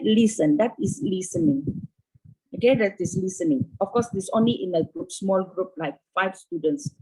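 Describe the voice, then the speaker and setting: A woman's voice: medium pitch, a little mellow, slightly rough, low-quality recording. A Malaysian English teacher in her fifties, answering interview questions over a video call, repeating herself and checking in with "okay".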